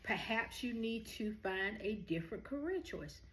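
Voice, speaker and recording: A woman's voice: fairly high pitch, lively intonation, moderate pace, a bit bright. A woman hosts a heartfelt motivational talk to her viewers, speaking earnestly and encouragingly. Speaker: host.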